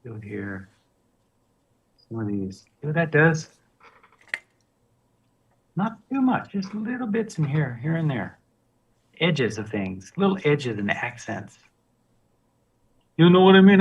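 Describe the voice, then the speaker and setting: A man's voice: mid-range voice, big pitch swings, takes it slowly, long pauses, breathy edge, recorded from a distance, muffled recording. A man teaching a live painting demonstration, talking loosely and joking while he works. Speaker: guest painting instructor.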